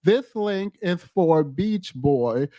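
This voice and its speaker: A man co-hosting a casual live-stream commentary, animated and laughing as he mocks chat commenters. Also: high voice, extremely slow, no echo.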